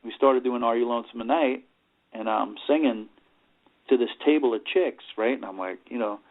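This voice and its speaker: A man's voice: mid-range voice, normal speed. Rambling middle-aged man on a tinny line. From New York. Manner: rambling, leans on "you know", acts out quoted voices. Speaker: interview guest, rock singer. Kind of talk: casual storytelling interview. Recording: tinny phone-like sound.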